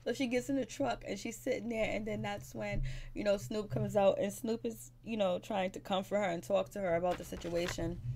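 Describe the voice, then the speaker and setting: A woman's voice: medium pitch, flat delivery, moderate pace, gravelly, hardly any pauses, warm tone, slight background noise. A woman, casually recapping a reality show, blunt and gossipy, acting out the cast's lines in sassy voices.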